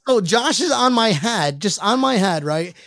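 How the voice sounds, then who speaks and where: A man's voice: high-pitched, animated, unhurried, fairly bright tone, no echo, clean studio sound. Rambling, tipsy man in casual chat. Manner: rambling storyteller, swears freely, many restarts. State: tipsy from drinking. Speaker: podcast host.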